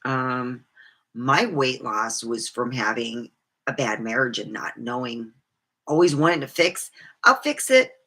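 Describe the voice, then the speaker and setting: A woman's voice: rumbling low, measured pace, a bit bright, husky. A middle-aged woman vlogging candidly about her life, rambling and swearing freely. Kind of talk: personal storytelling monologue.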